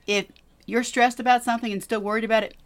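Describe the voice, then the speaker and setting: A woman's voice: a little high, steady tone, fast talker. A woman co-hosting a faith podcast, teaching in an earnest, encouraging way with emphatic repetition. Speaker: podcast co-host.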